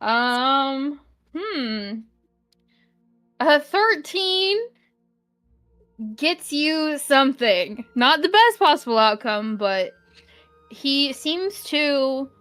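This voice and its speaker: A woman narrating as game master of a tabletop game, unhurried and hesitant, with many fillers. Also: high-pitched, a bit bright.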